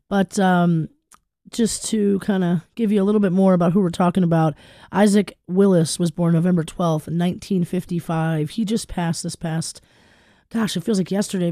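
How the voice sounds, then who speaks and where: A radio host talking casually between segments of a community radio tribute show, with lots of fillers. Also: female voice, on the low side, no echo, studio quality. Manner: warm, chatty, filler-heavy.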